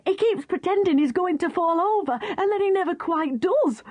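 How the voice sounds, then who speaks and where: A woman's voice: extremely high pitch, expressive, normal speed, a little mellow, dry recording, voice pushed up. A woman voicing a cheerful, playful male dog in a children's storybook. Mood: eager.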